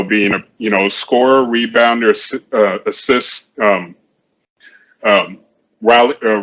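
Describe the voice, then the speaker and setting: A man's voice: mid-range voice, a bit bright, dull audio. A man co-hosting a casual sports chat show, rambling and often repeating himself. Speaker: podcast co-host.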